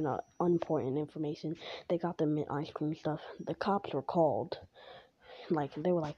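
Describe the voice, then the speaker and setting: A woman rambles through a made-up story, filling it with "like" and starting over mid-sentence. Her voice is fairly low and mellow. The recording is dull and lo-fi, with a faint hiss behind her. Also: normal speed, breathy edge. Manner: rambling, full of "like" and restarts.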